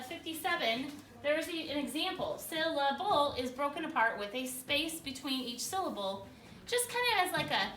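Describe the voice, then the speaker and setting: A woman teacher leading a spelling lesson for a class, energetic, often stopping to check in with questions. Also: high voice, background noise. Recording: echoey room, far from the mic.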